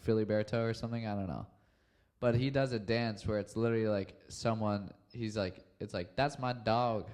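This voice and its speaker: A young man hosting his own podcast alone, chatting casually and rambling with lots of "um" and "like.". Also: lowish voice. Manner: rambling, relaxed, heavy on fillers like "um" and "like". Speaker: podcast host. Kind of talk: casual solo podcast chat.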